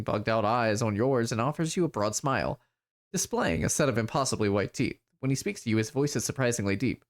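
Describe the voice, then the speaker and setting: Relaxed male streamer reading a game aloud. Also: medium pitch. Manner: relaxed, hesitant, with fillers. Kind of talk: casual game playthrough, reading dialogue aloud.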